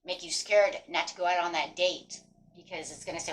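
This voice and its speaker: A woman's voice: on the low side, fairly quick, low-quality recording. Chatty woman giving a tarot reading. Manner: animated, encouraging, mixes card text with chatty asides; acts out quoted inner voices. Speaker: tarot reader. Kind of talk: casual spoken tarot reading.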